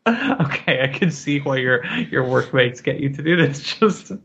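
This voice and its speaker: Man, podcast host, halting wry chat, gravelly voice, dull lo-fi mic, faint hiss. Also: medium pitch, very animated, fairly bright tone. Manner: halting, full of restarts, wry. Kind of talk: casual chat.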